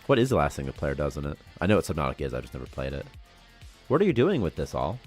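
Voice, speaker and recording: A young man chats away on a casual development livestream, talking fast in a low voice. He rambles and laughs a lot, with quiet music playing underneath. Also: sing-song. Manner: rambling, quick, chatty, laughs often. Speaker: programmer and stream host. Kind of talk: casual game dev livestream chat.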